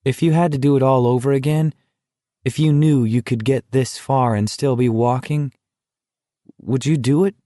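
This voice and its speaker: A man voicing a nervous teenage boy who tips into shrill, giggling hysteria, in an audiobook. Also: steady tone, normal speed, mellow, dry recording, clean studio sound, natural voice. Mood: earnest. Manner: giggling, shrill, frantic when laughing.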